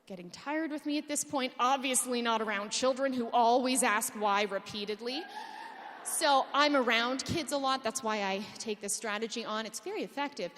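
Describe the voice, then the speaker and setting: A woman giving a conference talk in a large hall on a PA microphone, animated and humorous, asking many rhetorical questions. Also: on the high side, normal speed, slight background noise. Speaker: conference speaker. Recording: long reverb of a conference hall.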